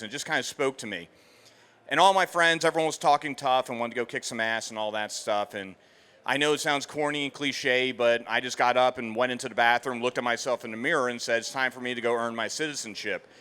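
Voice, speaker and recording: A man in his forties from outside Philadelphia speaks to an audience with a bright, forceful tone and a smooth, resonant clarity. He tells his story casually and acts out the people in it. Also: medium pitch. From outside Philadelphia, USA. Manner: casual storytelling, quotes others in dialogue. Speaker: featured speaker, veteran. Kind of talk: personal story talk to an audience. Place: expo hall stage.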